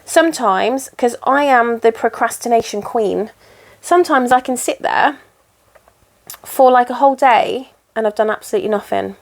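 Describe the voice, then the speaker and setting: A woman's voice: on the high side, moderate pace. Chatty woman stitching and rambling. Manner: rambling, chatty and self-deprecating. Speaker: cross-stitch vlogger. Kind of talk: casual chat while stitching.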